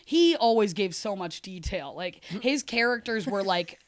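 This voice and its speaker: A woman's voice: medium pitch, lively intonation, a little slow. A woman comedian telling rambling stories in casual podcast chat, laughing through her own punchlines. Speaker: stand-up comedian, podcast guest or co-host. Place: podcast studio.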